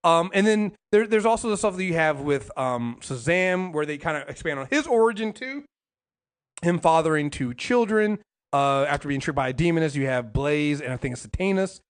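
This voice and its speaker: A man's voice: on the high side, animated, normal speed. A man co-hosting a casual podcast, talking in long rambling runs with many restarts and some swearing. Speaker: podcast co-host. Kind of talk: casual comics podcast chat.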